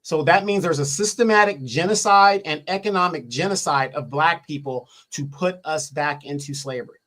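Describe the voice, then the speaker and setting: A man's voice: fairly high pitch, moderate pace, fairly bright tone. Emphatic man with rhetorical questions. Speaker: co-host or guest commentator. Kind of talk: opinionated political commentary.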